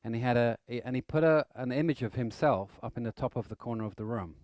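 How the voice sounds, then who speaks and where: A man runs a training seminar, telling anecdotes and acting out the people in them. His voice sits at an ordinary middle pitch. The sound is dry, with no room echo. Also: fast talker. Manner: animated, acts out stories with shouts and laughter. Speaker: NLP trainer. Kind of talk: live seminar storytelling.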